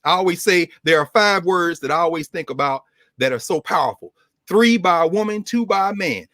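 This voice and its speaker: Brief: man, fairly high voice, dry close sound, passionate lecture-hall delivery. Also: animated, fairly quick, bright, forceful tone. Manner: impassioned, preacherly, big pitch swings. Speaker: regular guest scholar. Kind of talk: animated lecture-style talk.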